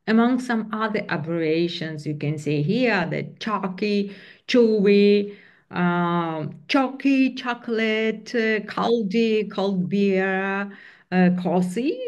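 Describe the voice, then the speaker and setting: Slow, hesitant woman lecturer. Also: medium pitch, a little mellow, muffled recording. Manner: hesitant, many fillers and restarts. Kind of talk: academic presentation on slides. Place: online training session.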